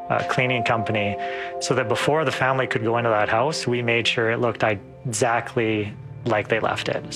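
A man, a police staff sergeant, speaking in a slow, measured, deliberate interview manner. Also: medium pitch.

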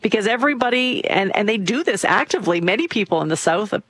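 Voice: medium pitch, expressive, fast, a bit bright, breathy edge, no echo. A talk show co-host chatting in an opinionated, digressive way with frequent fillers. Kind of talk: conversational talk show chat.

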